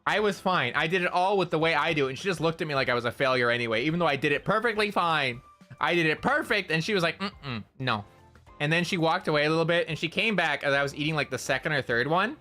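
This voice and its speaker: A VTuber streamer chatting casually, telling an animated, self-mocking story with lots of repeats. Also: mid-range voice, quick pace, soft background music.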